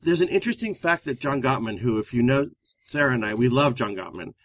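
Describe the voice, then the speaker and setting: A man's voice: mid-range voice, animated, fast, fairly bright tone. A man co-hosting a relationship advice talk, a therapist who explains things steadily and speaks straight to the listeners. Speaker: therapist and co-host. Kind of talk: conversational relationship advice show.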